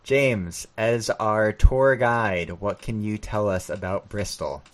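A man's voice: on the low side, fairly even intonation, slow pace, a crowd in the background. A man hosting a podcast, moving things along with a dry wit. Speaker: podcast host. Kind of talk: casual chat.

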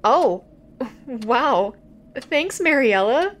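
Woman doing a gossipy chatty girl, high lively voice, radio drama. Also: extremely slow, exaggerated voice. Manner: chatty, gossipy, laughs easily. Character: chatty young woman Cassie, quick to laugh. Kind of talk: audio drama acting.

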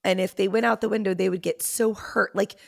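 A woman's voice: mid-range voice, fairly even intonation, brisk, vocal fry. A woman therapist as a podcast guest, explaining reassuringly with frequent "like" fillers. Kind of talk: casual podcast conversation.

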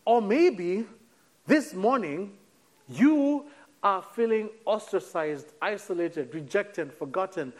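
A male preacher with a high, bright voice delivers a sermon in a church hall. He sinks to a soft hush on key words and slows down for weight, then lifts his voice again. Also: animated. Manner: preaching with dramatic drops to a near hush and sudden lifts; slows right down on key phrases. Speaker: pastor.

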